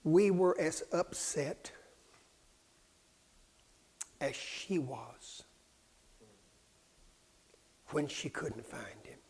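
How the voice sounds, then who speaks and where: Fervent preacher, higher voice. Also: male voice, animated, extremely slow, vocal fry, long pauses, slightly rough. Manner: dramatic, swings from hushed whispers to loud fervent cries. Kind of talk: sermon.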